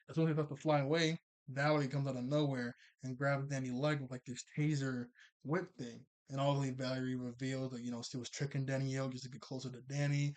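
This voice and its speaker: A man casually recapping a cartoon episode, rambling and chatty, full of filler words and quick self-corrections. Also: mid-range voice, little pitch movement.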